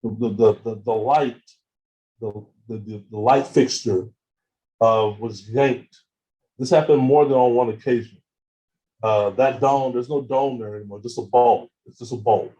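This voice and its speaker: A man giving a seminar talk with slides, retelling events in an animated way, acting out phone calls and often repeating words as he goes. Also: medium pitch, unhurried, dull audio. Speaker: seminar speaker.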